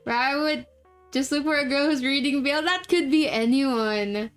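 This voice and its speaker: A woman's voice: high voice, moderate pace, faint music behind. A young woman from the Philippines streaming live, chatting casually and laughing often while setting up a game. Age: young adult. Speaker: VTuber streamer.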